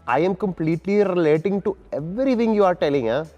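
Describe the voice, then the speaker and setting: A man's voice: sits high, animated, fast, dark tone, lo-fi sound, voice pushed up. A man voicing a chummy, emotional male interviewer who keeps tacking on "huh?". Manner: chatty, keeps adding "huh?" and "bro".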